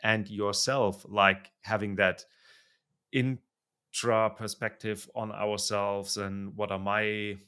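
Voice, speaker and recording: A man hosting a podcast interview in a relaxed conversational style, pausing and searching for the right words. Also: on the low side, clear, resonant tone. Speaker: podcast host.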